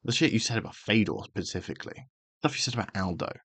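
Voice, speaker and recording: Heated male host, low-ish voice, sweary rant, dry close mic. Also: lively intonation, fast talker, fairly bright tone, husky, no room sound. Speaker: karate channel host. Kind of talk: angry opinion rant.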